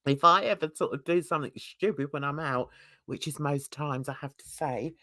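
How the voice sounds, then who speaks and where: Brief: older woman from England, livestream host, animated, laughs often, dry video-call sound. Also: normal speed, no echo. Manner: animated, laughing, swearing, jumps into high excited squeals. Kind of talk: casual livestream chat.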